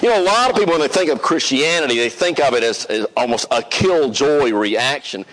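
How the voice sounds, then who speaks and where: A man's voice: mid-range voice, brisk, rough recording. A man preaching a sermon to a congregation, leading them in song and reading scripture aloud. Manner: animated, leads the congregation in song.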